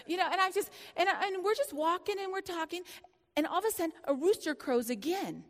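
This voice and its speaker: High-voiced woman preaching in a reverberant hall. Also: a little fast. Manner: lively storytelling, laughing, dramatic hushed drops. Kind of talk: sermon with personal story.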